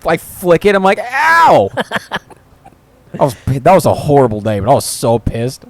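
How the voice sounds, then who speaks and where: A man's voice: mid-range voice, big pitch swings, normal speed, darkish tone, no room sound. Joking man, dry close sound. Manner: profane, joking interjections. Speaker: podcast co-host. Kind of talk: casual banter.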